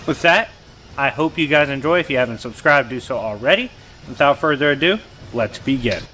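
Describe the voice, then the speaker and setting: A man's voice: medium pitch, fairly quick, soft background music. A man hosting a comics channel, retelling a comic story in casual slang and acting out the characters' lines. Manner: slangy, animated retelling of dialogue. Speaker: comic book channel host.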